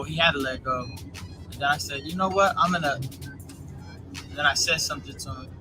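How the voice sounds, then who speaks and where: A man speaking in a played interview clip, telling a story haltingly with many fillers. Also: medium pitch, low-quality recording. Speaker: boxer in an interview.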